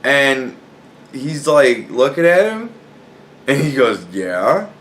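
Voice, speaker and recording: A man's voice: medium pitch, slow pace. Profane storytelling man, laughing. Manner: profane, animated, laughing a lot while telling. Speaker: podcast host. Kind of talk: casual storytelling.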